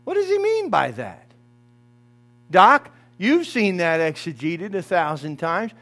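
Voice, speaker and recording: Lively preaching man with a high voice. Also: takes it slowly. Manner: preaching, calling on the congregation by name and shouting quoted cries. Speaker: pastor. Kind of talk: sermon. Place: church sanctuary.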